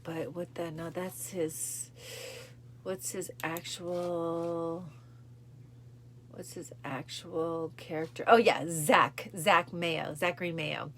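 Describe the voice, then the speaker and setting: A woman with a low, gravelly voice hosts a cancer support talk, speaking casually and from the heart. She repeats phrases and sometimes acts out film dialogue in a higher voice. Faint noise hums under the recording. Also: fairly even intonation, slow pace. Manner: emotional, repeats phrases, acts out film lines with rising pitch. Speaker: host of a cancer support show.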